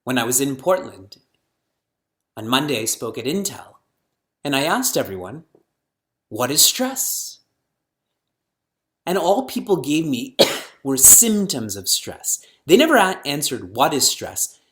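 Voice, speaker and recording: A middle-aged man, a spiritual teacher, lecturing on scripture to an audience, firing rhetorical questions and chanting verses slowly. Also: mid-range voice, big pitch swings, fairly bright tone.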